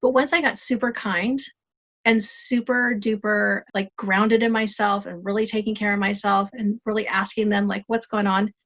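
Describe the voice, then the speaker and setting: A woman guest on a podcast interview, telling stories in a lively, self-deprecating, humorous way. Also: medium pitch, normal speed. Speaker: guest, life coach.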